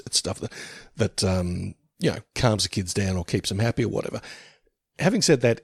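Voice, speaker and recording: Man, gravelly, lively pitch, dry close sound, jokey podcast co-host. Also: no room sound. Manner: easygoing, jokey, trails off. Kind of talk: casual chat.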